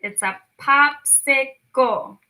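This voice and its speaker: A young woman teaches young children in a bright, clear voice. She speaks slowly and draws each word out so small listeners can follow, and she praises them warmly as she goes. Her pitch sits a little high. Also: rough recording. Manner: slow, drawn-out words for children, encouraging. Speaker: speech clinic storytime teacher. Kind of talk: children's lesson, clapping out syllables.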